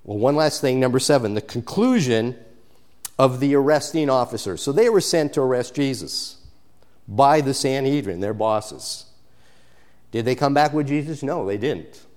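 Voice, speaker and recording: A pastor preaching a sermon, his delivery swinging between quiet, intimate passages and loud, emphatic calls. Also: mid-range voice, lively intonation, normal speed.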